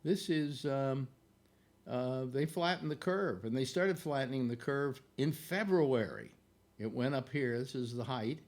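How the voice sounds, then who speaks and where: A man's voice: mid-range voice, a little slow, a little mellow. A man hosting a casual live stream from home, rambling and joking, out of breath and tripping over fillers. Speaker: host of a live online show. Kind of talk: casual livestream talk over a map.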